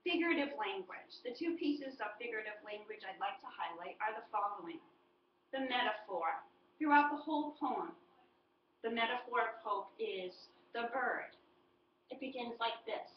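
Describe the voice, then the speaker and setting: A woman teacher giving a model poetry presentation, explaining in a deliberate, clearly paced way. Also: fairly high pitch, animated, slight background noise. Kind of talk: model student presentation on a poem. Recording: echoey, distant, dull and lo-fi.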